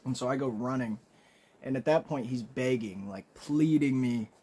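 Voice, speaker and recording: A young man telling a comedic story in a casual, rambling way, swearing often and clearing his throat and coughing. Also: medium pitch, moderate pace, mellow.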